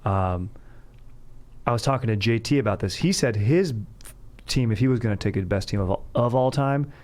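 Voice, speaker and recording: A man's voice: medium pitch, expressive, normal speed, darkish tone. A man hosting a casual sports podcast, rambling and joking, often breaking into laughter. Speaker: podcast host.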